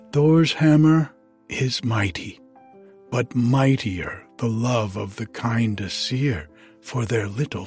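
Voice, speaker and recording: A man voicing a young goddess who wails and pleads, his voice lifted higher and louder than his narration, in a storybook reading. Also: husky. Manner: pleading, wailing.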